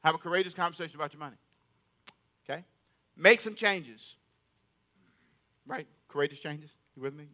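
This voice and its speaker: Male pastor, high and sharp-toned, emphatic call-and-response sermon delivery. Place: church sanctuary.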